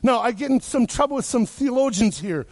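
Man, preacher, from Wisconsin, high-pitched, rhetorical questions, humorous asides. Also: lively intonation, fairly quick, darkish tone. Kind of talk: sermon.

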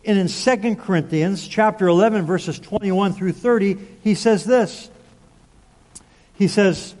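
A man's voice: sits high, animated, moderate pace, darkish tone, long reverb tail. A man preaching a sermon, reading scripture aloud with growing emphasis. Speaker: pastor.

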